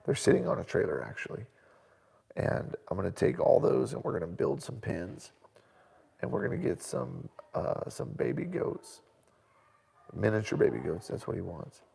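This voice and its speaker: A middle-aged man with a very gravelly, husky voice hosts a casual live question-and-answer chat from home. He tells stories in an animated way and laughs often. The room gives his voice a long reverb tail. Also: lowish voice, normal speed. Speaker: host.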